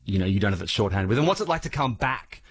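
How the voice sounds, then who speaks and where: Guy interviewer, lowish husky voice, chatty leading questions. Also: big pitch swings, fast.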